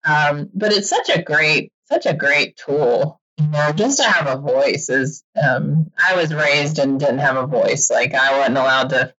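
A middle-aged woman chatting candidly as an interview guest, animated and quick to laugh. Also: low-pitched, dull audio. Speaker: podcaster and author guest. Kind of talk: casual interview chat.

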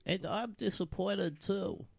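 A man's voice: sits high, slow pace, vocal fry, no echo, full character voice. A man voicing a reproachful future son in a comedy sketch. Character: disappointed grown son from the future.

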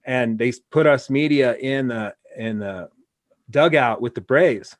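A man's voice: medium pitch, a little slow, no echo. A man from Wyoming hosting a casual interview, telling rambling anecdotes full of restarts. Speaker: podcast host.

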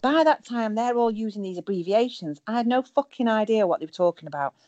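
A woman's voice: a little high, animated, fairly quick, darkish tone, dry recording, dull audio. A middle-aged woman chatting as a guest over a call, blunt and humorous, swearing freely. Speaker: guest, former reality show contestant. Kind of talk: casual chat over a call.

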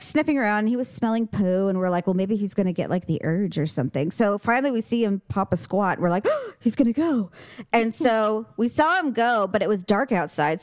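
Animated storytelling woman, dry close sound. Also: medium pitch, no room sound. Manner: animated storyteller, acts out quotes, swears freely. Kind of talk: casual chat.

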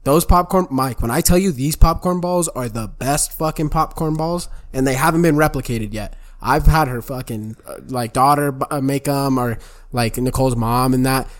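A man's voice: mid-range voice, moderate pace. A young man co-hosting a podcast, telling loose, profane stories and saying "bro" and "dude". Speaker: podcast co-host. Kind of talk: casual chat.

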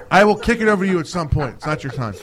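A man hosting a podcast in rowdy studio banter, excitable and jokey as he rants about his show going off the rails. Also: high voice, brisk, background noise. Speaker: podcast host.

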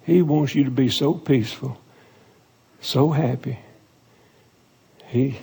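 A man preaching an earnest altar call and then praying in a soft, slow, pleading voice. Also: medium pitch, gravelly, breathy edge. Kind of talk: sermon altar call and prayer.

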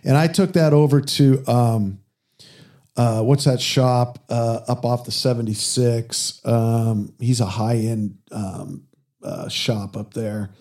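Male host, loose and profane storyteller, warm low timbre. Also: steady tone, slow. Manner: profane storyteller who acts out quoted exchanges. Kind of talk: casual car chat.

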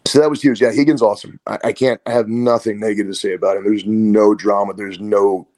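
A man's voice: on the low side, quick pace. A man, a martial arts coach, talking casually as an interview guest and telling stories with quoted voices. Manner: storytelling, animated with quoted voices.

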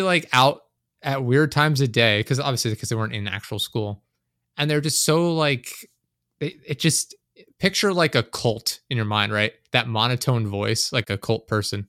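A man's voice: medium pitch, a bit bright, no room sound, clean studio sound. A young man chatting casually as a podcast host, telling long rambling stories, swearing a lot and laughing often. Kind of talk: casual chat.

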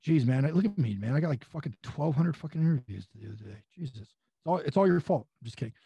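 A man's voice: a little high, expressive, fast, dark tone, breathy edge, dry recording, lo-fi sound. A man from California on a podcast, telling rambling, profane anecdotes in a casual chat. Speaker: wrestling guest.

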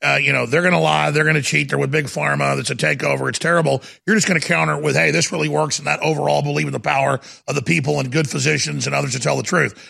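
A man's voice: on the high side, steady tone, racing, creaky, hardly any pauses, bright, forceful tone. A man hosting a talk show, interviewing a guest in an indignant, rambling way and cutting in often. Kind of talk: heated interview.

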